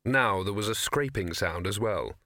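A man reading a fantasy novel as audiobook narrator, with measured storytelling. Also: fairly low pitch, animated, pushed and bright, no echo, studio quality. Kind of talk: scripted narration.

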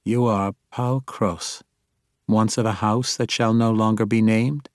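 A man voicing an imperious female dark elf matriarch in an audiobook, speaking in a cold, commanding and quietly threatening way. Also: on the low side, fairly even intonation, measured pace, no echo, clean studio sound, lightly acted. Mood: scornful. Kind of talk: audiobook character voice.

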